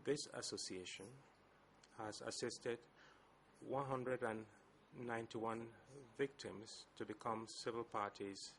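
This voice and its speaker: A male lawyer, addressing a courtroom slowly and formally with some hesitations. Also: on the low side, steady tone, a bit bright. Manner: deliberate, measured speech with hesitations. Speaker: lead co-lawyer for civil parties.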